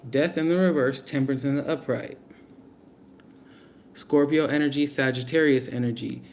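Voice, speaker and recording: A young man does a casual live tarot reading, speaking bluntly and in slang directly to his viewers. His voice is medium in pitch with a darkish tone, at normal speed, and there is slight background noise.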